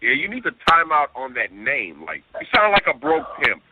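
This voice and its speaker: A third co-host on the talk radio show speaks at normal speed in a medium-pitched, sing-song voice, voicing exasperated, disbelieving outbursts over listener emails. Expect tinny phone-line audio with music.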